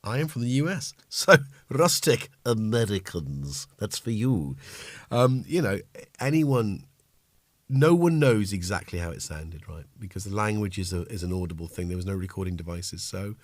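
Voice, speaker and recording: A man with a lowish voice hosts a casual livestream from his home synth studio. He rambles cheerfully and cuts himself off mid-thought. The sound is dry and close, with little room echo. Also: animated, normal speed. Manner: rambling, self-interrupting, chatty. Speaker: livestream host. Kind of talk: casual chat while playing synths.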